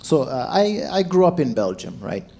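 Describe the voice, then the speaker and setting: A man, a stand-up comedian telling stories to a crowd and acting out shouts and quoted voices. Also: fairly high pitch, moderate pace. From Zambia. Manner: animated, acts out shouts and quotes. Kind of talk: stand-up storytelling.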